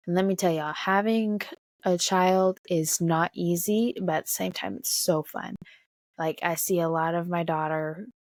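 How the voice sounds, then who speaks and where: A young woman and mother talking bluntly to camera in a casual vlog, swearing often and getting animated. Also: lowish voice, no echo, studio quality. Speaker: mother of a toddler.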